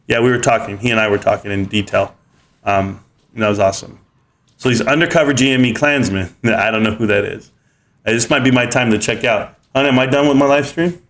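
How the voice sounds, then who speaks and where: A man in his thirties hosting a casual live stream, rambling through viewer comments with many fillers and getting higher when excited.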